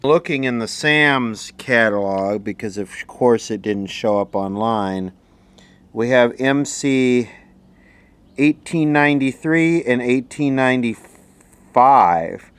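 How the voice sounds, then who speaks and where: Middle-aged male host, unhurried workshop narration, mumbled asides, clear resonant tone. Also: medium pitch. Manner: slow, mumbled asides, thinking aloud. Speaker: repair video host. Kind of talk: casual narration while inspecting equipment.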